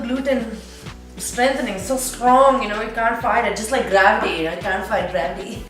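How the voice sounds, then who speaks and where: A chatty, playful woman walks through a home recipe, now and then half-singing her words. Her voice rings around a very echoey home kitchen. Clear music plays behind her. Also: on the high side, steady tone, normal speed. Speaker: home cook presenting a recipe. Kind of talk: casual cooking vlog chat.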